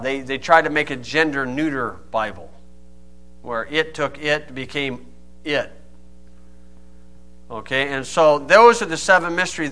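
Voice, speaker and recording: A man preaching a sermon, stressing key words loudly and dropping to quiet asides. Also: on the high side. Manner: emphatic, swings from loud stresses to quiet asides.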